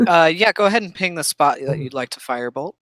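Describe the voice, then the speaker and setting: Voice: medium pitch, lively intonation, fast talker, fairly bright tone, no echo. A game master running a tabletop game, patiently checking rules aloud between bits of narration.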